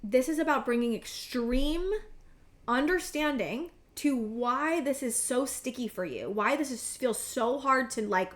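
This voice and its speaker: A woman's voice: sits high, lively intonation, unhurried. A woman in her thirties giving a pick-a-card tarot reading, rambling and emphatic, swearing freely and talking straight to the viewer. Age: 30s. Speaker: tarot reader.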